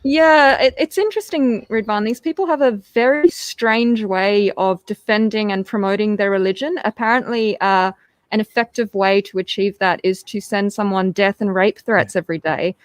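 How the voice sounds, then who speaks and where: A woman's voice: medium pitch, moderate pace, no room sound. A woman speaking as a guest in a casual live-stream discussion, articulate and sardonic.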